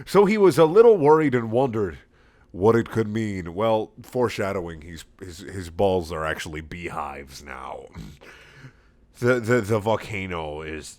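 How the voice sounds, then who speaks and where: A man giving a sarcastic, mocking comic reading of a fan story, swearing and cracking up as he goes. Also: deep voice. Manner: sarcastic, swearing, often laughing. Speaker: reader.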